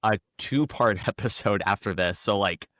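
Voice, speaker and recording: Hoarse, campy male podcast host. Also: on the low side, fairly bright tone, no room sound, studio quality. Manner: campy, teasing, quick jokes. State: hoarse from laryngitis. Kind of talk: casual chat.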